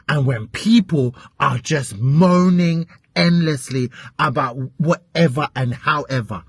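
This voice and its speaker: A woman's voice: extremely low pitch, moderate pace, slightly rough, no room sound. A British woman giving an exasperated, chatty vlog rant and swearing freely. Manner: animated, exasperated ranting with frequent swearing. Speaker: vlogger.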